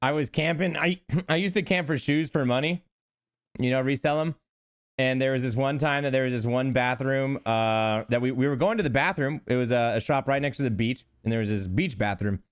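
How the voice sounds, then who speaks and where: A young man, a podcast co-host, telling an animated, laugh-prone story in casual chat. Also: mid-range voice, fairly quick, smooth.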